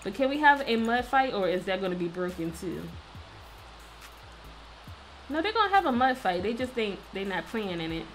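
A woman's voice: medium pitch, sing-song, moderate pace, pauses often, soft background music. A woman hosting a casual let's-play, chatting playfully and talking to the characters on screen. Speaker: gaming video host.

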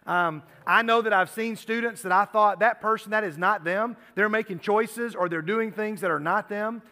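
Man, high bright voice, youth sermon, earnest, repeats phrases, long hall reverb. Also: moderate pace. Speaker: youth pastor.

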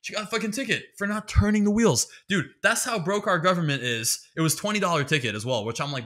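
Male podcast host, slightly high, sharp-toned voice, heated profane sarcastic rant. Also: lively intonation, fast, few pauses. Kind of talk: ranting comedic monologue.

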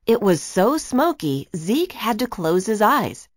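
Taking her time, a female narrator reads a picture book aloud with an animated, lively delivery and a pitch that dips and leaps as she goes. The audio is close-miked and dry.

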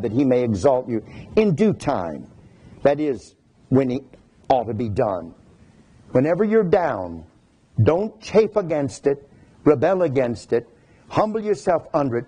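A male pastor delivering a sermon in a warm, husky voice that sits a touch high. He reads scripture in a formal cadence and breaks into folksy asides to his listeners. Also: rough recording.

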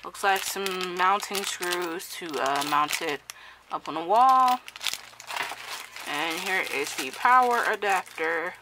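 A woman's voice: fairly low pitch, slow, background noise. A woman casually reviewing and unboxing a gadget, talking hesitantly with many ums and self-corrections. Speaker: product reviewer.

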